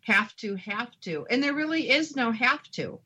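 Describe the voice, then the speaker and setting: Bright-voiced woman radio host. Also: fairly high pitch, sing-song, moderate pace, husky, lo-fi sound. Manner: agreeable, affirming interjections. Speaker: radio talk show host. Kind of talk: radio interview conversation.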